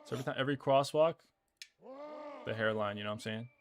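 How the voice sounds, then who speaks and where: A man's voice: mid-range voice, fast talker, noisy background. A young man streaming a game, rambling casually, swearing at the game and chatting with his viewers. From Australia. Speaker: gaming streamer. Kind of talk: casual gameplay chat.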